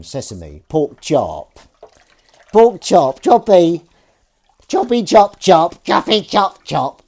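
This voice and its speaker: A man's voice: lowish voice, mellow. A man hosting a live stream, chatting casually and playfully while doing the washing up in his kitchen. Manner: playful, chatty, jumps into sing-song voices. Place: home kitchen at the sink.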